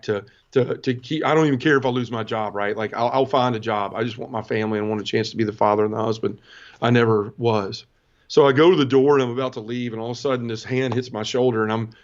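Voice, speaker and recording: A middle-aged man from the American South recounts his story as an interview guest, earnest and emotional, often restarting his sentences. His voice sits at an average pitch. The audio is a bit muffled and lo-fi. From Southern United States. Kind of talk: personal testimony storytelling.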